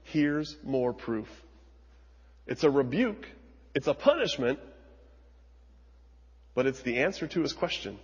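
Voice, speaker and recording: A man preaching a sermon as pastor, retelling scripture dramatically, moving from hushed lines to emphatic ones. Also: mid-range voice, very animated, normal speed, long pauses, slightly rough, long reverb tail, dull audio.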